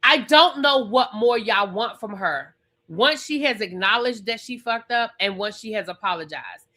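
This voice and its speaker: A woman's voice: mid-range voice, animated, moderate pace, bright, forceful tone. A woman vlogger recapping a reality show in casual chat, emphatic and repetitive, swearing freely. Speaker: TV review vlogger.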